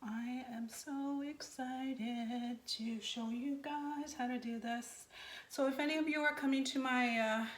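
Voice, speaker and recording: A woman's voice: fairly high pitch, echoey room, a little hiss or hum. A woman giving a casual, rambling craft tutorial, talking into her phone camera, a little out of breath. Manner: chatty, rambling, self-deprecating. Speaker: craft vlogger.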